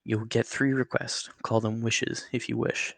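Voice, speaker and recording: A man's voice: medium pitch, level tone, measured pace, gravelly, fairly bright tone, no echo. A man voicing Nate, a wry old talking rattlesnake. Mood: chatty. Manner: matter-of-fact, chatty, joking.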